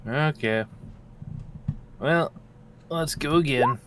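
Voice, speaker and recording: A man's voice: fairly high pitch, slow. Man, tabletop player, jokey, teasing, casual chat, faint hiss.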